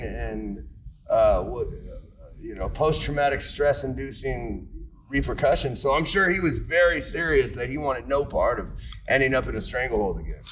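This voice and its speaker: A man co-hosting a podcast, explaining grappling technique in a measured way with dry humor. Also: mid-range voice, distant mic, a little hiss or hum, poor audio. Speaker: podcast co-host, grappling expert. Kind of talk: casual explanatory chat.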